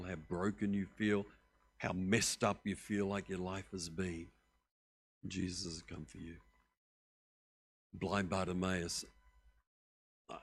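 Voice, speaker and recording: An older Australian man preaching a sermon as pastor, animated and joking in a conversational way. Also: deep voice, husky.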